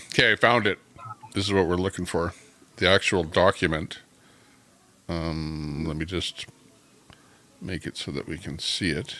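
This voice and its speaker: A man's voice: sits low, steady tone, a little slow, pauses often, sharp tone. A man hosting a live stream, chatting casually and reading from the screen. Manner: chatty, reads along from the screen. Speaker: stream host.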